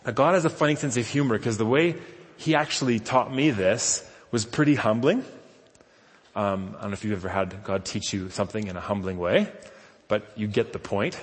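A man's voice: fairly low pitch, normal speed. A man giving a conversational sermon with self-deprecating storytelling. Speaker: pastor. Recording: long reverb of a large hall.

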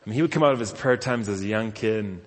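A pastor with a lowish voice talks quickly through a conversational sermon full of self-deprecating stories. The long reverb of a large hall colors the recording.

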